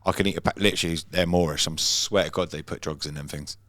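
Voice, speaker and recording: Man, very deep voice, dry close mic, podcast co-host, earnest and jokey. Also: steady tone, fast, fairly bright tone, no room sound. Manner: earnest and jokey, restarts often. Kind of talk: casual chat.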